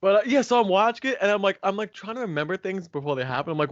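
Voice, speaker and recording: A man's voice: high-pitched, racing, no room sound, dull audio. A man co-hosting a podcast in casual chat, who laughs often and acts out quotes as he talks. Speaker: podcast co-host.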